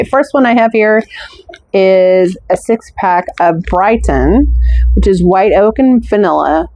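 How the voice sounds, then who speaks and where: A woman's voice: on the low side, darkish tone, no echo, rough recording. An American woman chatting casually through a scent haul, gushing and stretching out her descriptive words. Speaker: wax melt haul reviewer. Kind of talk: casual product review chat.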